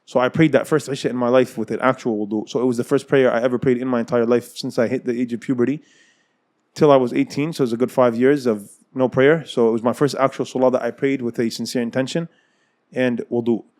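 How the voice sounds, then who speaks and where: A man's voice: medium pitch, steady tone, darkish tone. A man in his thirties, an Islamic scholar telling his personal story as an interview guest, often repeating and rephrasing his words. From United States. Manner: fast, repeats and rephrases phrases.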